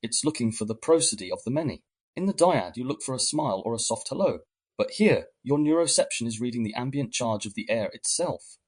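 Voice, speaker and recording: Male narrator, husky, mid-pitched, calm second-person guided narration. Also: fairly quick.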